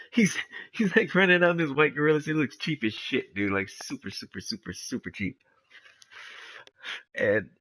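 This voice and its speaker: A man's voice: mid-range voice, a bit bright. A man giving casual, rambling gameplay commentary, laid-back and swearing freely. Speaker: gamer.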